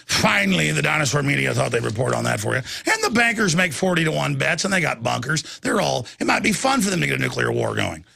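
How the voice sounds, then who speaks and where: Male news host with a very gravelly, husky voice, ranting and indignant. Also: on the high side, sing-song, fast talker, few pauses, sharp tone, no echo. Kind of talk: opinionated news commentary.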